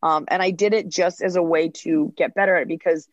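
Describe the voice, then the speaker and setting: A woman comedian talks as a podcast guest, telling animated stories and slipping into bits of acted-out dialogue. Her voice sounds dry and close. The recording is slightly dull and lo-fi. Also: on the low side, quick pace, dry recording. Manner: animated storytelling, acts out dialogue. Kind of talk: podcast interview.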